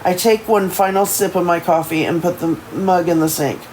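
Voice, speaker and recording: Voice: medium pitch, steady tone, normal speed, darkish tone, slight background noise, low-quality recording. Stumbling first-person novel reader. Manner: stumbling first-person narration with frequent self-corrections. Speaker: streamer reading a book aloud. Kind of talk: reading a novel aloud on a livestream.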